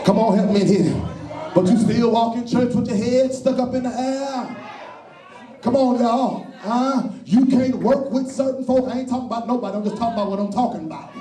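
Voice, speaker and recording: A man preaching a sermon with call-and-response, shouting and then dropping low. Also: fairly quick, a faint crowd. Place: church. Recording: echoey church from far off.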